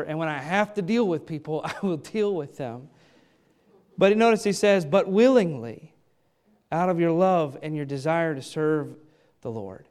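A man's voice: high voice, darkish tone. A man preaching a sermon as a pastor, reading scripture aloud and asking and answering his own questions with emphasis.

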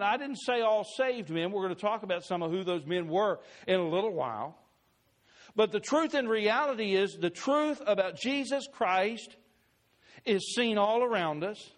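A man, a pastor, preaching a sermon with slow, emphatic scripture readings. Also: high-pitched.

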